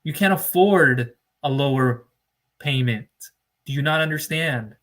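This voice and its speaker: A man's voice: mid-range voice, unhurried, a bit bright. A man giving emphatic, lecturing advice straight to camera on business funding, stretching words out for stress. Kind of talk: direct-to-camera advice monologue.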